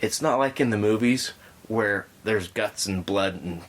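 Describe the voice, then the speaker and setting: A man hosting a podcast, telling a story in a relaxed, rambling way with frequent restarts. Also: on the low side, unhurried. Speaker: podcast host. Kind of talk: casual storytelling chat.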